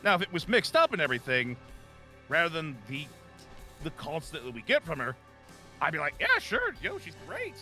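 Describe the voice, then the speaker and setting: Lively bright-toned man joking casually. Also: a little high, a little fast, pauses often, faint music behind. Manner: jokey, animated, riffing with quips. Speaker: streamer building a model kit. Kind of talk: casual chat while building.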